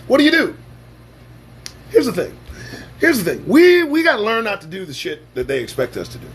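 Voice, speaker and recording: Man, livestream host, swinging animated pitch, profane, sarcastic monologue. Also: brisk, breathy edge. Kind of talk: casual live-stream monologue.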